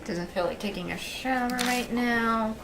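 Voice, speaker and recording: A woman's voice: fairly high pitch, a little slow, vocal fry, noisy background. A woman streaming a game, chatting casually as she thinks aloud and reads the game's text. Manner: chatty, thinks aloud, quiet and murmured while exploring. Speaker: let's play streamer. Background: game music.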